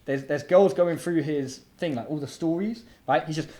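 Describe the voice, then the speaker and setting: A young man from the UK, telling stories as a guest in a casual interview, animated and laughing, full of slang. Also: a little high, normal speed. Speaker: guest entrepreneur. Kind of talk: casual storytelling chat.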